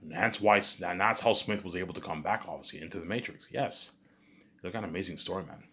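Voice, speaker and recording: A man's voice: deep voice, quick pace, pushed and bright, slight background noise. A man talking in a rambling monologue, full of repeated words and filler phrases. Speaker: vlogger.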